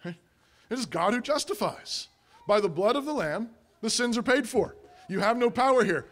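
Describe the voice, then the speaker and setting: A man's voice: high-pitched, expressive, measured pace, fairly bright tone. A man preaching a sermon as pastor, emphatic and repetitive, asking rhetorical questions and answering them.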